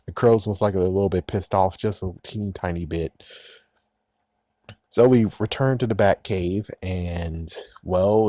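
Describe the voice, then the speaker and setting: A man with a lowish voice rants through a TV episode recap in a loose, sarcastic way, swearing freely and laughing at the plot. The sound is dry and close, with no room around it. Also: darkish tone, dry recording. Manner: sarcastic, profane, frequently laughing. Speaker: TV episode reviewer. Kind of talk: casual recap and review.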